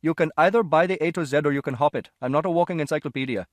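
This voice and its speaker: A man voicing an impatient, gruff male shopkeeper who answers in curt, brusque, exasperated replies in an audiobook. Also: a little high, racing, no echo, natural voice.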